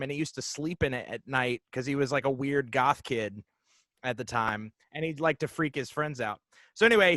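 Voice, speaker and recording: Guy in his 40s, bright tense voice kinda high, telling a story, lots of ums and restarts, dry sound. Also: dry recording. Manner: halting, lots of fillers and restarts. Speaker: podcast guest. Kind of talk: casual storytelling.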